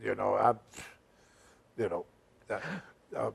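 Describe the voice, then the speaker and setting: A man's voice: on the low side, steady tone, takes it slowly, gravelly, husky. An older man, a senior citizen, telling emphatic, rambling stories with loose grammar as an interview guest. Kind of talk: shoot interview storytelling.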